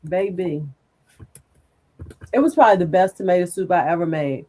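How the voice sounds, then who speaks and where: A woman's voice: fairly low pitch, normal speed. A woman chatting on a garden show, telling stories and teasingly encouraging her friend. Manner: warmly encouraging, storytelling, teasing. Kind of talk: casual chat.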